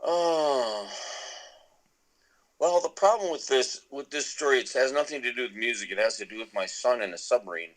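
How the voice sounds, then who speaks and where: A middle-aged man tells a long story on a podcast in a loose, rambling way. He restarts his sentences again and again, and his voice sits at an ordinary middle pitch. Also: animated, moderate pace, rough recording. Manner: rambling with many restarts and laughs. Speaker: podcast guest, musician. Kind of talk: casual storytelling.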